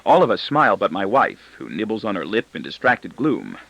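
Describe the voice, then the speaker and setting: A male audiobook narrator with a wry, ironic first-person delivery. His pitch swings widely, his tone is bright, and the recording is dry and close. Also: wildly swooping pitch, brisk, gravelly, no room sound, dull audio.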